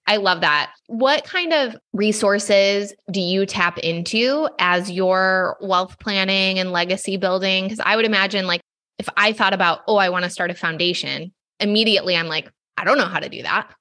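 A woman's voice: medium pitch, normal speed, bright, forceful tone. A woman hosting a podcast interview, chatting casually and affirming her guest. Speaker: podcast host, business mentor.

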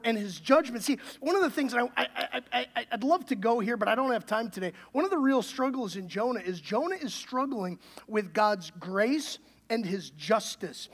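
A man's voice: very high-pitched, a bit bright. A man, the pastor, preaching a sermon in a conversational way and building to emphatic questions.

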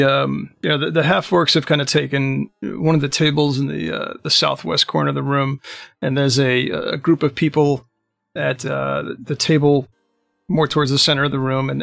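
Gravelly game master narrating. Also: male voice, a little high, fairly bright tone, dry recording, studio quality. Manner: rambling, halting narration with many fillers.

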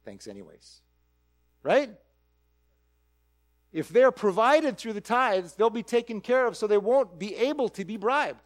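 A man preaching a conversational sermon, animated and full of rhetorical questions. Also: high voice. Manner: animated, asks rhetorical questions, acts out quick quoted voices.

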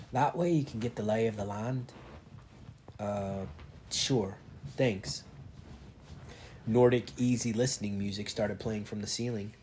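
A man's voice: medium pitch, mellow, slight background noise. A man reading a novel aloud in a casual way, giving the characters light voices. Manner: reads with light character voices and stops to chat. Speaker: reader.

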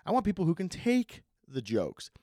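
A man's voice: a little high, wildly swooping pitch, a little mellow, no room sound, studio quality. Sarcastic young man rambling on a podcast. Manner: sarcastic, swears a lot, swings between fast and slow. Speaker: podcast host. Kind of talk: casual solo podcast rambling.

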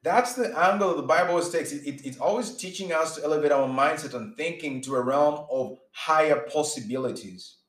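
A man's voice: on the high side, fairly quick, few pauses. A man preaching informally, earnest and emphatic, often restarting his sentences and acting out his examples. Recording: roomy echo.

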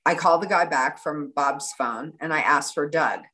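A middle-aged woman telling an animated story in an interview and acting out the lines of the people in it. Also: sits low, normal speed, low-quality recording. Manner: animated, breathless storytelling with quoted dialogue. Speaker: guest.

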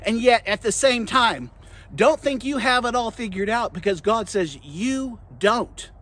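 A man delivers a devotional sermon for a podcast, speaking straight to his listeners as friends and guys. His preaching is impassioned and earnest. He drops to quiet, low stretches, then rises to loud, emphatic declarations. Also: lively intonation, unhurried. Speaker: pastor and podcast host.

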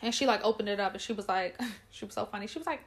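A young woman chatting casually, telling a story with lots of laughter, cursing and high-pitched quoted voices. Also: racing. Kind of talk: casual chat.

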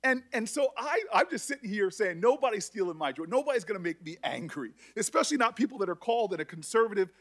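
A middle-aged man speaking at a hearing as a senator, emotional and halting, often restarting his sentences. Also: high voice, big pitch swings, fairly bright tone. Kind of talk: emotional public address.

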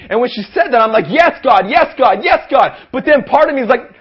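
A young man from Canada preaching with a high, lively voice, calling out for amens and building to shouts. The recording is dull and lo-fi. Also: fast, few pauses, slight background noise. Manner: energetic preaching, asks the crowd for amens, rises to shouts. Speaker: pastor. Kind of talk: sermon. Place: youth rally hall.

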